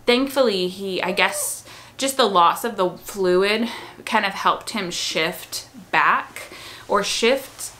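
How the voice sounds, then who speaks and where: Woman, bright forward tone, casual storytelling, chatty and rambling, mid pitch. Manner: chatty, with frequent "um" and "like". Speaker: mother telling her birth story.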